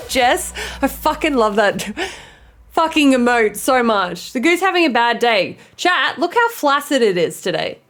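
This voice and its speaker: A woman streaming a game live, chatting casually with her viewers, giggly and quick to swear and apologize. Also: on the high side, fairly bright tone. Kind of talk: casual live-stream chat while gaming.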